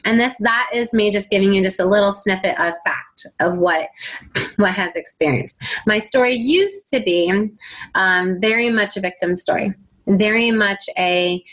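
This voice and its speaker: Woman, middle-aged, spiritual teaching talk, animated delivery, mid-pitched voice. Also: normal speed, poor audio. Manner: acts out quoted voices and whiny children. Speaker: faith-based self-help teacher.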